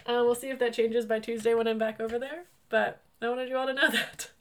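A young woman co-hosting a podcast in casual chat, bubbly and quick to laugh. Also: fairly high pitch, steady tone. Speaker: podcast co-host.

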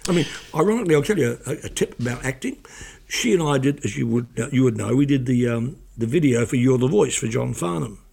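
Man, middle-aged, gravelly, husky, anecdotal, stumbles into sentences. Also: medium pitch, expressive, fast talker, a little mellow. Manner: anecdotal storyteller, repeats words when starting sentences. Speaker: guest. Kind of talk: casual chat.

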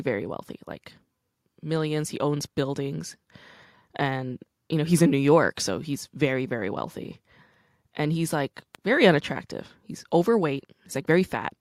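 In a clean studio recording with no echo, a deep-voiced woman from the United States talks at a normal speed. She hosts a casual conversation, animatedly and openly recounting stories with frequent use of "like."

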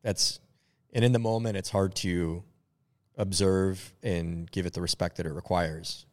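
Deep-voiced man reflecting slowly. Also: steady tone. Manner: reflective, searching for words with many fillers. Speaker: podcast co-host. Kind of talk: casual chat.

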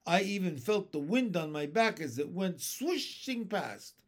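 A man's voice: high voice, sing-song, a little slow, exaggerated voice. A timid little earthworm from a storybook frets and wails about his fears, as a man reading aloud puts him on. His speech swoops up and down. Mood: fretful. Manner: wailing, fretful. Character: timid fearful male earthworm.

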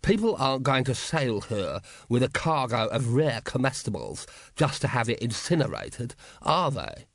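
A man's voice: medium pitch, very animated, moderate pace, no echo. A man voicing a worried, practical merchant who asks fretful questions.

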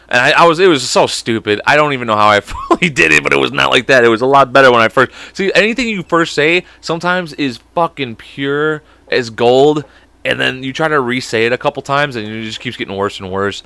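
A young man hosting a podcast who rambles, swears freely and keeps losing his train of thought. His voice is lively, bright and sharp, with a dry, close sound. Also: mid-range voice, creaky, clean tone, no echo. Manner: profane, rambling, quick laughs. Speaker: podcast host. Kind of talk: rambling casual chat.

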